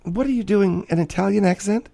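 A man's voice: sits high, brisk, gravelly, warm tone, no echo. A man voicing a gushing, self-absorbed woman host. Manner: theatrical, rambling, gushing, self-important. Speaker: podcast host. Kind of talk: comic character monologue.

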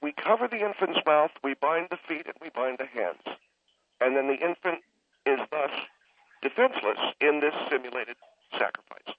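Brief: patronizing male caller, slightly high voice, heard over a tinny phone line. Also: normal speed. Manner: condescending, keeps interrupting to calm the host. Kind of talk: radio call-in argument.

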